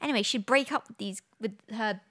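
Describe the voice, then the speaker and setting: A young woman co-hosts a podcast, telling holiday stories in casual chat that's giggly and packed with "like." Her voice is a little high and a bit bright, and her pace is brisk.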